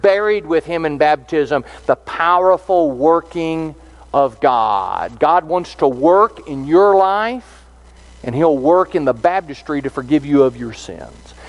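A man's voice: a little high, expressive, slow, dull audio. A man preaching a sermon, earnest and explanatory, reading out scripture verses as he teaches.

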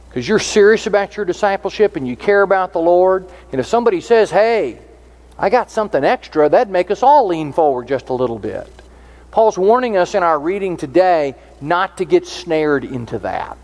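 A man's voice: high-pitched, a little mellow. A man preaching a sermon, earnest and explanatory, reading out scripture verses as he teaches.

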